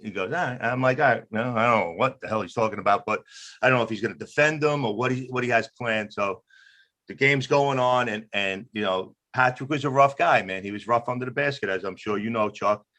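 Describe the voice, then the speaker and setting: A man's voice: mid-range voice, brisk, pushed and bright. A man from Queens, New York, tells old game stories on a video call. He talks in a chatty, easy way and laughs along with his own tales. His voice sits in the middle of the usual range. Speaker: former college mascot guest. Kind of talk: casual storytelling on a video call.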